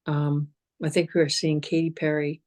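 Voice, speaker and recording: Chatty woman with a lowish voice. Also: normal speed. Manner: animated, repeats words, laughs often. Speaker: guest, cancer survivor. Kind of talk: casual conversational storytelling.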